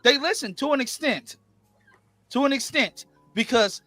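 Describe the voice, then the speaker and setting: A man hosting a casual podcast, talking excitedly and animatedly about being a fan. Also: very high-pitched, unhurried, dry recording, soft background music.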